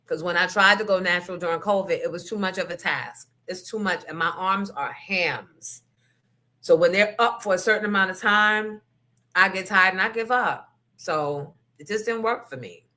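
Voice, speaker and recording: This casual podcast chat is led by a woman with a lowish, sharp-toned voice at a moderate pace. Her storytelling is blunt and profane, peppered with remarks aimed at listeners.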